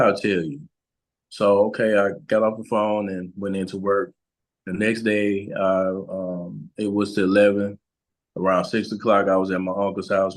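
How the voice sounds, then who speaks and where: Man, very low voice, podcast guest, slow halting storytelling, many fillers. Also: poor audio. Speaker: guest, relationship and trauma coach. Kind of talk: storytelling interview.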